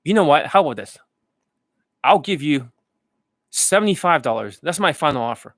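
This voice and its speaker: A stubborn, gruff male pawn shop owner haggling hard over a price, as a man does a loose impression. The voice sits high and pushes loud on the sticking points. It sounds dry and close. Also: animated, normal speed, dry recording.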